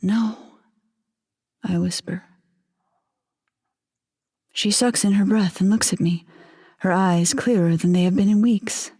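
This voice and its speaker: Brief: female audio-fiction narrator, breathy, measured, unhurried. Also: medium pitch. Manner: quiet, measured, intimate. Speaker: story narrator. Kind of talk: first-person fiction narration.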